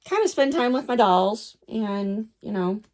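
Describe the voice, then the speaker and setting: Slow, gushing higher-voiced woman. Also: expressive, darkish tone. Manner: gushing, repeats herself, stumbles over names. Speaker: doll collector vlogger. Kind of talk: casual vlog chat.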